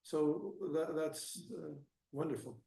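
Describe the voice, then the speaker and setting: A man's voice: a little high, vocal fry, mellow. Echoey far-off man giving scripture class. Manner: halting, restarts often, grows emphatic. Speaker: class speaker. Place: temple hall. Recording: echoey room, mic at a distance.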